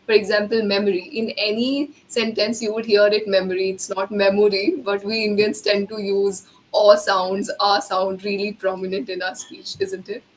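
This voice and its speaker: A woman's voice: mid-range voice, little pitch movement, normal speed, few pauses, slight background noise, low-quality recording. A woman hosting an interview, chatty, often ending points with tag questions. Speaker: host. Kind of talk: casual interview talk.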